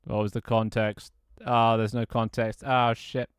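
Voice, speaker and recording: A streamer from the UK talks in a smooth, mid-range voice, delivering flatly and a little slowly. He chats casually from a small home room, grumbling, swearing and laughing often. The audio is studio quality with no room sound.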